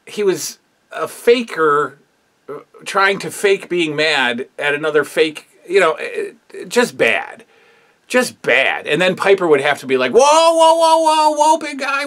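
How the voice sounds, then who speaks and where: A wrestling history show host with a slightly high, fairly bright voice runs a casual review show. His talk is rambling and opinionated, packed with fillers.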